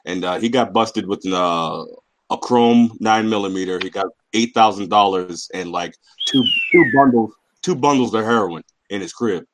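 A man's voice: fairly low pitch, moderate pace, noisy background. A man in a casual panel chat, telling street stories with plenty of swearing. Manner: streetwise storytelling, profane. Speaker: panel guest.

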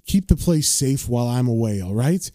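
A man reading the lines of an old male farmer talking softly to his dogs. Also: mid-range voice, lively intonation, moderate pace, no room sound, studio quality, natural voice. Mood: coaxing.

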